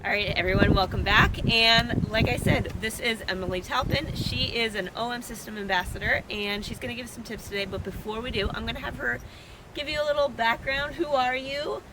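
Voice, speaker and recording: A woman's voice: a little high, brisk, loud music behind the voice, rough recording. A woman with an American accent hosting a casual interview outdoors, friendly and chatty. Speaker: host. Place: outdoors at a birding event.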